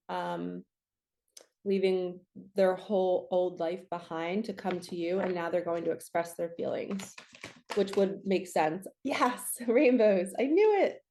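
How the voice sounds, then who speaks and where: A woman giving a casual, upbeat tarot reading as a spiritual coach, chatting encouragingly with quick asides. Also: on the low side, flat delivery, dark tone, a little hiss or hum.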